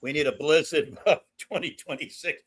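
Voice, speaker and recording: An older man with a bright, forceful voice sitting a little high for a man, talking loosely on a video call. He wanders from one tale to the next, chuckling at his own punchlines as he hosts the stream. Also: moderate pace, breathy edge. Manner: rambling storyteller, laughs at own jokes. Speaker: stream host. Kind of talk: casual chat.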